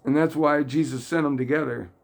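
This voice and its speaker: Hosting a casual faith talk, this religious video host speaks briskly in a voice on the high side with vocal fry. Earnest and a little rambling as he retells stories, he becomes loudly excited and emotional.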